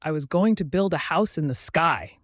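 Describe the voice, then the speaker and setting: A man's voice: a little high, lively intonation, normal speed, no echo, clean studio sound, voice pushed up, natural voice. A man voicing a young man who has lost his mind, raving and sing-song, in a scripted storybook narration. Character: young man gone mad, babbling and laughing.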